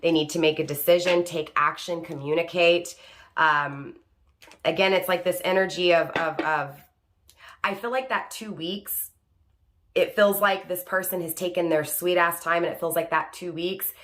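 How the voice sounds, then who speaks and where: A woman's voice: lowish voice, steady tone, normal speed, fairly bright tone, slight background noise. A woman giving an online tarot reading, speaking to the viewer by star sign and tagging "right?" onto her points as she restates them. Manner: repeats "right?" and rephrases each point. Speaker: tarot reader.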